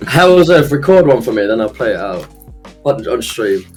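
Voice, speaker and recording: A man's voice: medium pitch, sing-song, normal speed, darkish tone, faint music behind. A man talking as a guest on a casual stream, hesitant, with many restarts and self-deprecating laughs. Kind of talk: casual chat.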